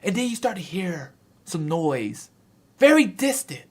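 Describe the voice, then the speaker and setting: A man recapping and reviewing a manga chapter with animated, excitable storytelling. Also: high voice, a little slow, a little hiss or hum.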